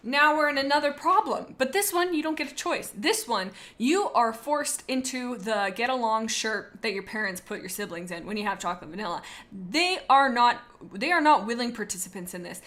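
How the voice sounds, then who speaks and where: A young adult woman streamer chatting casually, rambling through animated stories with many asides. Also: on the high side, moderate pace. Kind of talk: casual live-stream chat.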